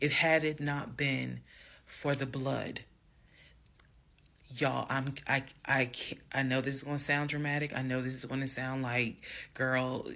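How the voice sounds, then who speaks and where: Animated gravelly woman telling a story. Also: very deep voice. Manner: dramatic, animated storytelling with acted quotes. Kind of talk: storytime vlog.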